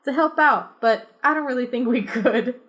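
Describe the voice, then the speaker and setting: A woman's voice: high voice, moderate pace, fairly bright tone, voice pushed up. A woman voicing a flustered kid who apologizes on the phone while reading a story aloud. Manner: stammering, apologetic.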